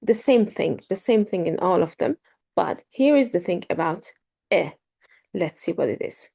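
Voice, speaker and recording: A woman teaching a beginner pronunciation lesson, speaking slowly and carefully, repeating words with frequent ums. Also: lowish voice, lively intonation, gravelly, warm tone, husky. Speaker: language teacher.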